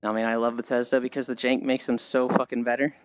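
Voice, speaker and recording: A woman's voice: rumbling low, flat delivery, quick pace, smooth, no echo, lo-fi sound. A woman streamer chatting casually with viewers, telling stories animatedly and swearing often.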